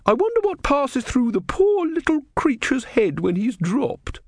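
A man voicing a zealous, pious young woman in a high, fervent falsetto. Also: sing-song, a little slow, no echo, studio quality, exaggerated voice. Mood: pitying.

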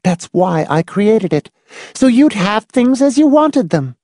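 A woman voicing a prim, controlling schoolteacher type, speaking in a dry, dispassionate, calmly insistent tone. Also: mid-range voice, a little slow, no room sound. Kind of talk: audiobook dialogue reading.

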